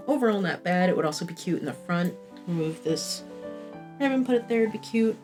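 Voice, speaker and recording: A woman's voice: on the low side, lively intonation, a little fast, darkish tone, faint music behind. A woman in her thirties chatting through a casual review vlog, candid, rambling and self-deprecating, with frequent swearing. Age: 30s. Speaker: fashion vlogger.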